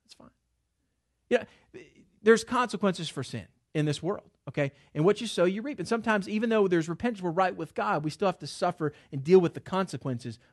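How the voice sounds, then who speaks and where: A middle-aged man preaching a sermon in a conversational way, with quick asides and restarts. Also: sits high, animated. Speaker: pastor.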